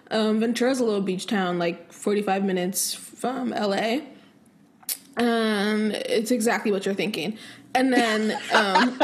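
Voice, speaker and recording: A young American woman hosting a podcast, talking in a rambling, casual way and laughing often. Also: fairly high pitch. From United States. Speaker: podcast host. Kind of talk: casual chat.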